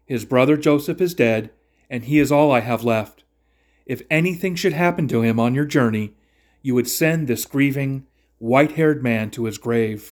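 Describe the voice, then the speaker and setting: A man's voice: mid-range voice, normal speed, natural voice. A man voicing a grieving, white-haired old father who fears losing his sons, read with lamenting, pleading lines. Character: grieving aged father, fearful and protective.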